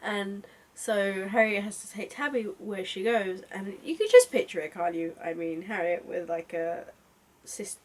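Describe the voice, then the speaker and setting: A young woman giving a casual book review, chatty and excitable with lots of asides. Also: medium pitch, a little slow. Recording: voice a bit far from mic.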